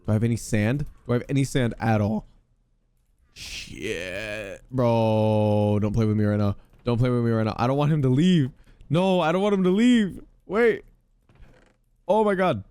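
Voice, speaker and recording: A young man hosting a podcast, giving loud, excitable gaming commentary with casual swearing. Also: medium pitch, normal speed, smooth, no room sound. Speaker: podcast host.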